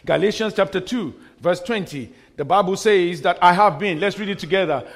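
A man's voice: high-pitched, brisk, few pauses. A man preaching a sermon as pastor, emphatic, repeating refrains and dropping in humorous asides.

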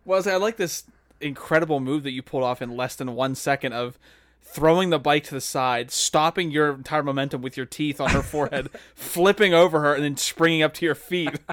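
Teasing man with a slightly higher voice. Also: fairly quick, fairly bright tone, no echo. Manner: teasing, joking commentary with laughs. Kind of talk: casual chat.

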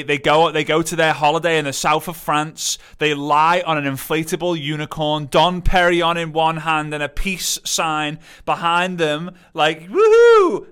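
A man giving an animated motivational talk, acting out quotes in playful voices. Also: fairly high pitch, clean tone. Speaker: motivational speaker.

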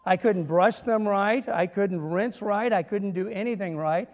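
A man's voice: sits high, measured pace, a little mellow, big-room sound. A male minister preaching a sermon, telling humorous stories and building to emphatic points. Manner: storytelling with humor and dramatic emphasis.

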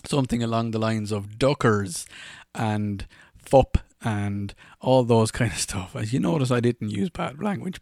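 A man's voice: medium pitch, gravelly, darkish tone, no echo, clean studio sound. An Irish man in his forties, a podcast host rambling through funny anecdotes and laughing at his own stories. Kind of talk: casual anecdotal storytelling.

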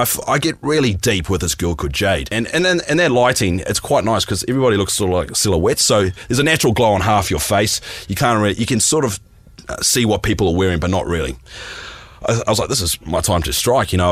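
A man's voice: low-pitched, expressive, quick pace, no room sound. A laughing rambling man in his thirties. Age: 30s. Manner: rambling, laughing through the story. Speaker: guest storyteller. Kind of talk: casual podcast anecdote.

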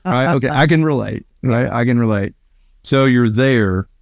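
Man, podcast host, gravelly, dry sound, short questions. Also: mid-range voice, normal speed, dry recording. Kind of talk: interview conversation.

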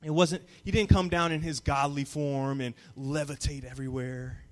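A young man preaching a sermon as a youth pastor, moving from calm teaching to loud call-and-response. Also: fairly high pitch, normal speed. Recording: long reverb of a hall.

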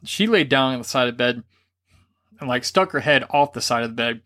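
Speaking briskly at a medium pitch, this podcast co-host, raised Catholic, spins a racy tale in a casual, animated manner. He laughs along and performs the quoted lines.

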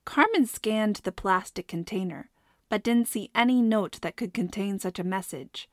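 Woman, audiobook narration, steady, measured, dry close recording. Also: medium pitch, no echo.

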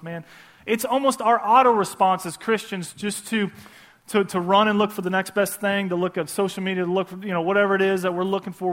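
A man preaching a casual sermon, repeating key phrases for emphasis and talking directly to the audience with conversational asides. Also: sits high.

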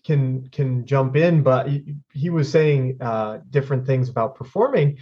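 A man hosts a podcast in a casual, conversational way, reflecting thoughtfully as he goes. He speaks at a middling pitch. The audio is muffled and lo-fi. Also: measured pace, breathy edge. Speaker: podcast host.

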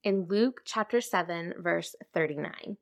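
Soft-spoken woman with vocal fry. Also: on the low side, measured pace. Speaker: podcast host. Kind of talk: devotional podcast teaching.

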